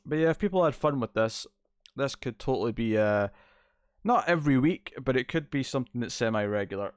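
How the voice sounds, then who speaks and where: A man's voice: mid-range voice, expressive, a little fast, clear, resonant tone, dry recording. Laid-back man chatting on a livestream. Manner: laid-back, rambling, reads chat aloud. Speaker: streamer host. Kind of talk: casual livestream chat. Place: home living room couch. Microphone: distant mic, moves out of frame.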